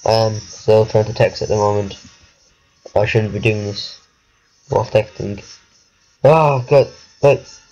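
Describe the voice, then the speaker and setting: Slow-talking young man gaming. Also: fairly low pitch, monotone, darkish tone, highs cut off, faint music behind. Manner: jumpy, mutters, exclaims when scared. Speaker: gaming video creator. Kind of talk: casual gameplay commentary.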